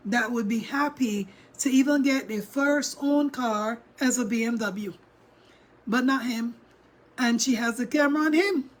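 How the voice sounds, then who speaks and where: Woman vlogger, casual and chatty, highish voice, reacting live and talking to viewers. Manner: chatty, talks straight to viewers and reads chat. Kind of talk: casual livestream commentary.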